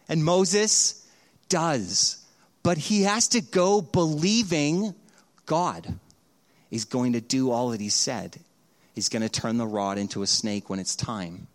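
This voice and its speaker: A middle-aged male pastor preaching a sermon with a slightly high voice. He tells his stories with energy and acts out the voices of the people in them. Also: measured pace. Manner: animated storytelling, acts out voices in quotes.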